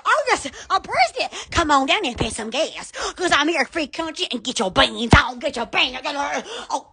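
A woman's voice: sits high, big pitch swings, normal speed, pushed and bright. A woman from Alabama, chatting casually on a phone livestream, giggling and exclaiming often. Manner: giggly and exclamatory, frequent laughing and squealing. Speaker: social media livestreamer.

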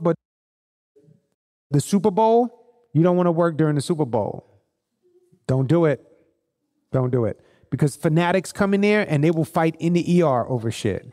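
A man leads a live group session, talking animatedly and bluntly. His voice sits a touch high, with a mellow, warm timbre. The sound carries long hall reverb from the event space. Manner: animated, blunt storytelling with swearing.

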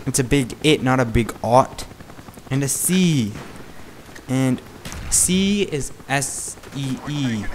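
A man's voice: medium pitch, a little hiss or hum. A man ranting in a rambling, indignant way over gameplay footage, peppering his talk with "like". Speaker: gaming channel host.

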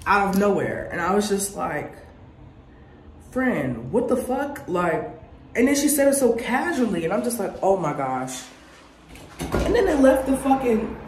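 A young woman, a college student, vlogging on her phone with a blunt, profane, exasperated rant. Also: on the low side. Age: young adult. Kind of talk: casual vlog rant. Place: around campus, partly outdoors. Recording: noisy with passing traffic.

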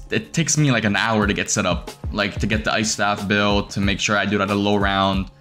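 A young man giving casual commentary over his game, excitable and swearing, breaking into shrieks when he finds something. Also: lowish voice. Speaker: gaming streamer.

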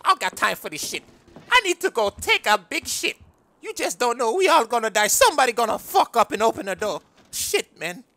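Woman doing a bossy, swearing hideout guy, higher voice with big swoops, music behind. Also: sing-song, exaggerated voice. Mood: angry. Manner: loud, bossy, quick to anger. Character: brash foul-mouthed man hiding out.

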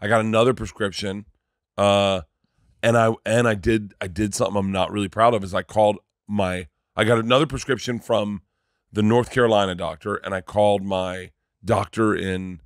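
A man in his thirties, a comedian guest on a podcast, telling a story in a casual, animated way, full of restarts and swearing. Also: fairly low pitch, normal speed, dry recording, studio quality.

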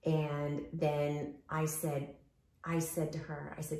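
A low-pitched woman speaking a little slowly hosts a casual conversation as she walks outdoors. She tells animated stories and acts out the other people's voices, though the audio sounds like an echoey room.

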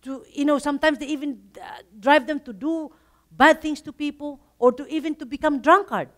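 A woman with a fairly high voice leads a Bible study. She tells earnest personal stories about forgiveness, breaking into laughter now and then. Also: steady tone, normal speed, a bit bright.

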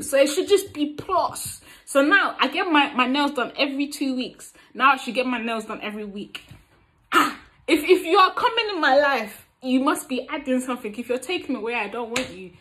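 A woman talks straight to camera about relationships in a frank, playful way. Her voice sits a little high, and she often breaks into laughter as she teases and gives advice. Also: expressive, moderate pace, a bit bright. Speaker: vlogger giving relationship advice. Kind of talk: casual advice talk to camera.

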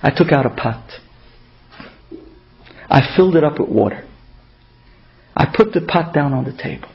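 Poor water carrier's wife, earnest and begging, a guy telling it, kinda high, lo-fi. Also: animated, moderate pace, gravelly. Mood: pleading.

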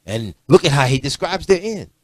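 Man preaching with lively swings. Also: normal speed, dry recording. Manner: animated preaching, swings from low murmurs to loud rebukes; blunt, confrontational street-style preaching. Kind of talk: sermon.

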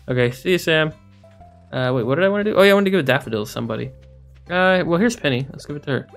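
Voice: mid-range voice, animated, racing, vocal fry, faint music behind. A game streamer making casual, jokey, rambling commentary while playing. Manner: jokey, rambling, laughs often.

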